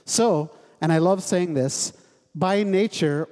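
A man's voice: high-pitched, takes it slowly. Man preaching in a reverberant hall. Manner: conversational, gently humorous, asks the congregation questions. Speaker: pastor. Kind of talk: sermon. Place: church sanctuary.

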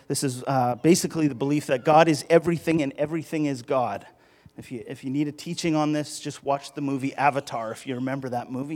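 A man's voice: a little high, darkish tone. A male pastor giving a sermon in a conversational style, with restarts and emphatic rises.

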